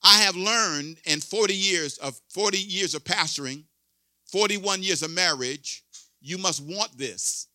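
A man in his sixties preaches with a high, piercing tone, leaning hard on repeated words and calls for response. The sound is dry and close, with no room around it. He swings between quiet asides and loud exhortation. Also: unhurried, dry recording. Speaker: pastor. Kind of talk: sermon.

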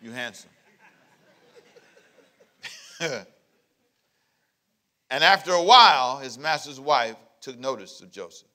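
A man's voice: medium pitch, lively intonation, a little slow, pauses often, sharp tone. A male pastor preaching a sermon, joking with the congregation and acting out scenes as he goes. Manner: playful, joking preacher who acts out scenes; calls out to the congregation.

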